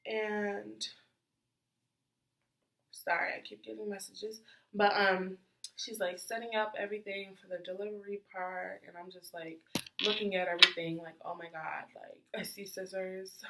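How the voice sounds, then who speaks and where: A young woman telling a casual storytime in a chatty, animated way with lots of fillers and acted-out reactions. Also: medium pitch, unhurried, creaky, roomy sound, a little hiss or hum, rough recording. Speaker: vlogger.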